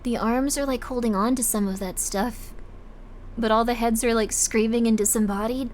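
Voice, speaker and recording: A woman's voice: a little high, steady tone, moderate pace, a little mellow, slight background noise. A woman streaming a game live, chatting to her viewers in a rambling, easily startled way.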